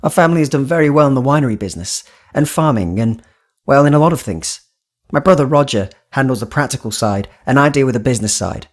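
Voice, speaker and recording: A man voicing a slick, friendly young businessman in an audiobook, talking in breezy, quick salesman patter a little above his own pitch. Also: expressive, natural voice.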